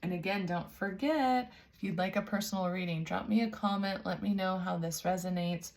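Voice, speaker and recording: A woman giving a spiritual tarot reading, talking softly and warmly to the listener, calling them babes and sounding emotional and teary. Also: medium pitch, moderate pace, gravelly. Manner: soft, nurturing, calls listener babes. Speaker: tarot reader.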